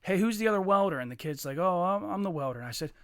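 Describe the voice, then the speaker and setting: A man's voice: high voice, racing, no echo, studio quality. A man casually telling a long, profane story on a podcast, mimicking the people in it. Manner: profane, animated, mimics others mid-story. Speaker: podcast co-host.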